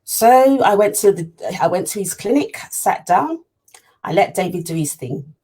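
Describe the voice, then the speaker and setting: A woman's voice: mid-range voice, expressive, moderate pace, warm tone, slightly rough. A woman in an interview, earnestly telling her story as a parent and repeating phrases for emphasis. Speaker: parent sharing her experience. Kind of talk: personal storytelling talk.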